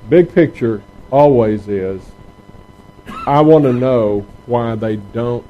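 A man's voice: medium pitch, slow, lo-fi sound, slight background noise. A middle-aged man, speaking earnestly and conversationally to parents in a question-and-answer talk, often restarting his phrases. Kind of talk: informal talk with audience questions.

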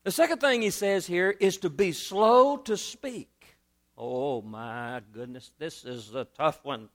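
High-voiced preacher, animated. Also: male voice, takes it slowly. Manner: animated preaching, repeats phrases for emphasis. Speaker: pastor. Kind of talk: sermon.

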